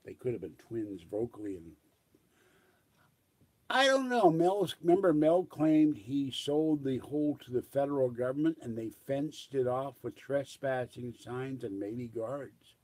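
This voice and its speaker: An older man with a husky, breathy voice rambles through a casual solo monologue. He drifts from memory to memory and lets his sentences trail off into quiet mumbles. His pitch sits in an ordinary middle range. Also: a little slow, hardly any pauses.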